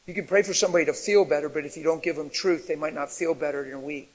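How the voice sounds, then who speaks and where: A male preacher with a high voice delivers an animated sermon, swinging from quiet, low stretches to loud shouted peaks. His voice carries a long reverb from a large church hall. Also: rapid-fire.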